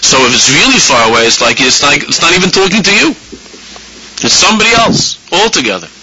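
A man teaching a spoken religious lesson to a live audience, animated, often repeating phrases and acting out inner voices. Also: on the high side, brisk, slight background noise, low-quality recording. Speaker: rabbi teaching a class.

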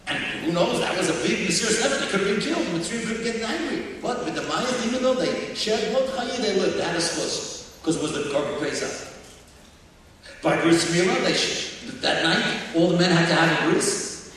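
High-voiced guy giving a sermon, lively then near whisper, heard from far in a boomy hall w faint hiss. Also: fairly quick. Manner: animated, drops to near whisper at emotional points. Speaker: speaker at a religious talk. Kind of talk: storytelling sermon. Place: large hall with audience.

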